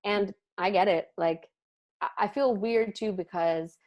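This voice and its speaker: A woman from Canada, a podcast guest in casual chat, telling stories with animated acted-out quotes and casual swearing. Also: mid-range voice, unhurried. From Ontario, Canada.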